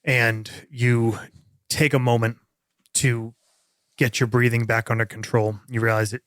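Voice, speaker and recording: Flat-voiced man running a tabletop game. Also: medium pitch, measured pace, no echo, clean studio sound. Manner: steady descriptive narration with many fillers. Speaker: game master. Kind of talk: narrating a tabletop horror game.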